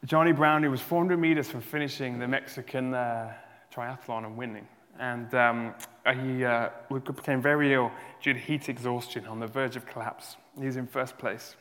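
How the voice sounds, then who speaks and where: A man's voice: medium pitch, fairly even intonation, moderate pace. Earnest man preaching in a reverberant hall. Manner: earnest, rising to loud emphatic peaks; restarts and stumbles, emotional. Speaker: pastor. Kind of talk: sermon. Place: church hall.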